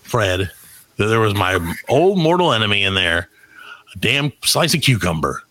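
A man's voice: on the low side, normal speed, dry recording, rough recording. A man in his forties, a podcast co-host, telling a story in casual chat and acting out the voices. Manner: animated storyteller, acts out voices.

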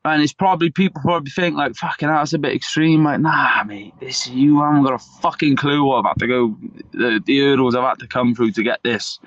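A man's voice: medium pitch, fairly quick, fairly bright tone, lo-fi sound. A man, a fighter, talking in an interview with fired-up, emphatic passion and constant swearing. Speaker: MMA fighter, guest.

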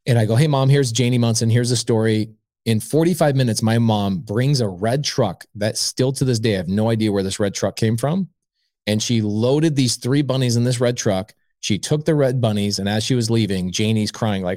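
Man telling a lively story, dry sound. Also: mid-range voice, normal speed, no echo. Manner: animated storyteller acting out both sides of a conversation. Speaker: podcast guest, real estate investor. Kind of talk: storytelling anecdote in an interview.

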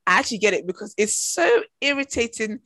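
A woman's voice: fairly high pitch, sing-song, fast talker, pushed and bright, no room sound. A British woman co-hosting a podcast in casual chat, blunt and opinionated with playful asides. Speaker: podcast co-host.

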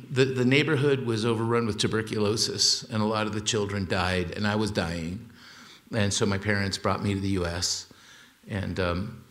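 A man from Mexico in his sixties telling family stories to an audience, an animated storyteller whose pitch leaps on the punchlines. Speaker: author giving a talk.

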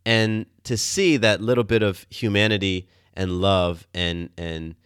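A man hosting his own podcast, telling warm everyday stories in a casual, upbeat, enthusiastic way. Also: fairly low pitch, fairly even intonation, measured pace, clean tone, no echo, clean studio sound. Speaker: podcast host. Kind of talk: casual storytelling monologue. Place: Atlanta, USA.

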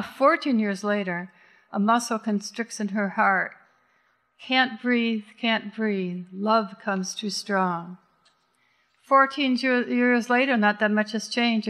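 A woman narrating an audiobook in an intense, measured way, slowing down on key words. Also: mid-range voice, fairly bright tone. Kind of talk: scripted narration.

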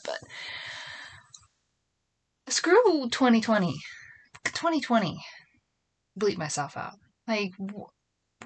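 A woman's voice: low-pitched, animated, takes it slowly, long pauses. A middle-aged woman hosting her own podcast, chatting casually and rambling from a small closet at home. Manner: chatty, rambling, self-deprecating. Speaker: podcast host. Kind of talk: casual solo podcast chat. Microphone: phone and computer.

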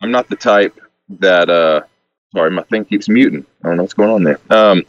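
A man from Alabama with a Southern accent, a guest speaking haltingly with many restarts over a call. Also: deep voice, dry recording. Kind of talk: casual interview over a call. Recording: dull call audio, dry.

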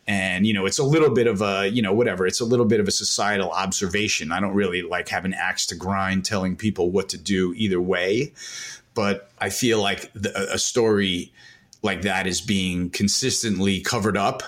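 Low-voiced man talking markets, rambling. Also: steady tone, moderate pace, fairly bright tone. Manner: rambling, emphatic, many fillers. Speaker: guest macro analyst. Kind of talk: casual podcast conversation.

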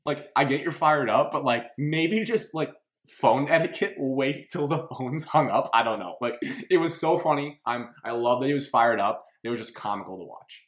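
A man hosting a casual sports talk show, telling stories in an animated way and laughing as he talks. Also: mid-range voice, moderate pace. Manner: animated storytelling, laughs while talking. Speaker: podcast host.

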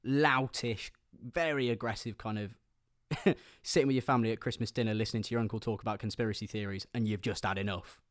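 A man's voice: lowish voice, steady tone, fairly quick, no echo, studio quality. A man co-hosting a casual music review chat, articulate and wordy with casual swearing. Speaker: podcast co-host reviewing an album.

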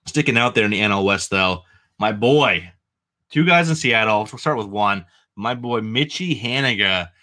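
A lower-pitched man with a bright, forceful tone and a New England accent talks through baseball numbers in loose podcast chat. He strings stats together with fillers and restarts. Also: moderate pace. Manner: animated, stat-heavy, rambling with fillers. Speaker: fantasy baseball podcast co-host.

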